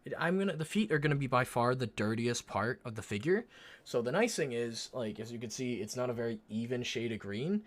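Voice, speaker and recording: A man streaming live and chatting casually with his viewers while he paints a miniature, swearing often and muttering quietly as he concentrates. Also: medium pitch, a little fast. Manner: relaxed, swears often, talks to chat while working.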